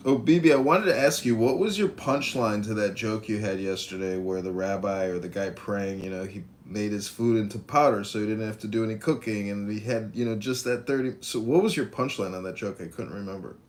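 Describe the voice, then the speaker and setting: A man's voice: fairly low pitch, brisk, few pauses, a little hiss or hum. A man pressing others with questions in casual podcast chat. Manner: pushy, questioning.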